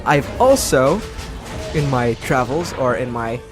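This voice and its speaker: A man's voice: mid-range voice, very animated, slow pace. Man from Britain, game commentary host, sarcastic and chatty, game music under him. brief. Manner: chatty, sarcastic, reacting to play. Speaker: let's play host. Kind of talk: gameplay commentary.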